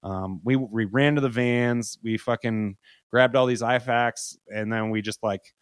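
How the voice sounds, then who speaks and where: A man's voice: medium pitch, fairly even intonation, a little slow, clear, resonant tone, no room sound, clean studio sound. Young male guest, mid-range voice, swears freely, rambling storyteller. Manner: loose and profane, heavy use of "like". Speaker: podcast guest. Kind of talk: casual spoken storytelling.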